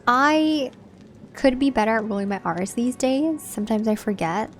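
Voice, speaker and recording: A young Southern Californian woman hosts a livestream, chatting casually and laid-back as she reads and answers the chat. Her voice is a little high with lively intonation at normal speed, and there's slight background noise.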